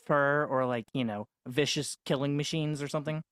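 A woman's voice: low voice, fairly even intonation, moderate pace, clean tone, no room sound. A woman playing a tabletop game talks her choices through aloud, full of little fillers. Her voice is recorded dry and close, with no room around it. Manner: chatty, thinking aloud with fillers. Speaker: player. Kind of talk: casual tabletop play.

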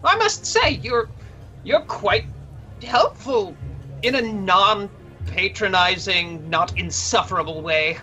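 A woman's voice: mid-range voice, lively intonation, slow, sharp tone, faint music behind, rough recording. Woman voicing a weary, haughty half-elven duke. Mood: dryly formal. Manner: dry, formal and slightly haughty. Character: weary, fussy half-elven male duke, thorough bureaucrat. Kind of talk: tabletop role-play voicing.

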